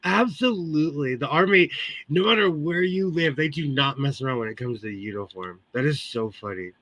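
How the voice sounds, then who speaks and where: A man's voice: on the high side, a little fast, fairly bright tone, no echo. A Californian man hosting a live sewing stream, chatting casually with viewers and laughing often between remarks. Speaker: livestream host. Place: home sewing room.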